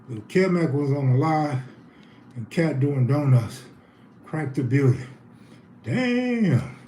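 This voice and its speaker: A man's voice: on the high side, mellow. A man hosting a casual live stream, out of breath, joking and reading viewer comments in loose slang. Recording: roomy echo, faint background hum.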